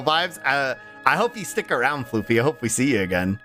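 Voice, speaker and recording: This man's mid-range voice is very animated and sharp, a little fast, with soft music playing behind him. Chatting casually on stream and reading chat aloud, he rambles, restarts with many ums and uhs, laughs easily, and sounds tired and strained.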